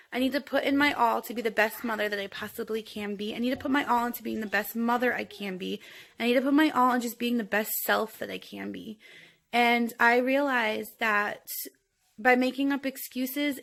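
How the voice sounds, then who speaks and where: A woman in her thirties speaks straight into her phone, with a voice sitting a touch high for a woman. Her delivery is earnest and emotional, rambling as she restarts her thoughts in an open, confessional vlog. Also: gravelly, fairly bright tone. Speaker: vlogger.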